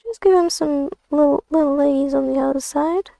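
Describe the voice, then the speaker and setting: Playful high-voiced woman streamer. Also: fairly quick, vocal fry, warm tone, no echo. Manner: rambling, playful, jokey asides. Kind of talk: casual livestream chat while drawing.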